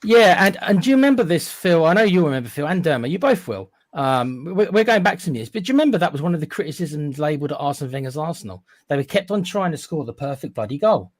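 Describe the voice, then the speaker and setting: A man's voice: fairly high pitch, very animated, fast talker, few pauses, dry recording. Chatty man, dry close sound. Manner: chatty, emphatic, many restarts. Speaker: regular pundit. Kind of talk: casual football podcast chat.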